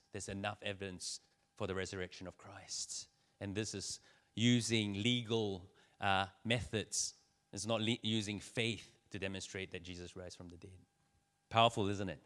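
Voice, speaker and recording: A man's voice: low-pitched, steady tone, moderate pace, fairly bright tone. A man preaching a conversational sermon, joking with his listeners and building in energy. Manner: conversational preaching, teasing the audience, rising energy.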